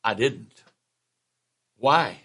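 Older bishop in his seventies, preaching a sermon with unhurried homespun storytelling, mid-range voice. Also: mid-range voice, lively intonation, sharp tone, husky. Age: 70s. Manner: folksy personal storytelling, unhurried.

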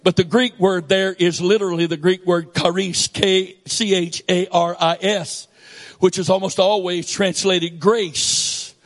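Man, Southern accent, pastor, sermon, high voice, shouts then hushes. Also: steady tone, unhurried. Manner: swings from shouting to soft asides.

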